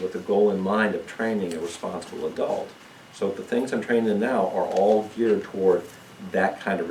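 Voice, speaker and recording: A man with a very low voice teaches a church parenting seminar, calm and explanatory. He sounds distant from the microphone, in a room full of echo. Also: a little hiss or hum. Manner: calm, explanatory, asks "okay?" often. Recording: echoey room, mic far off.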